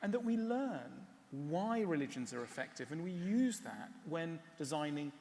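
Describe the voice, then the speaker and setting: A man giving a public talk and answering questions, wry and animated, often stopping on fillers. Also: on the high side, normal speed, big-room sound, a little hiss or hum. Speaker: speaker. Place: large hall.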